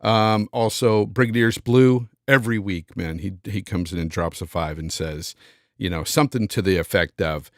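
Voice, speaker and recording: A man's voice: fairly low pitch, normal speed, no echo, clean studio sound. A man hosting a casual live-stream podcast, reading out super chats and thanking viewers by name. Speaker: podcast host.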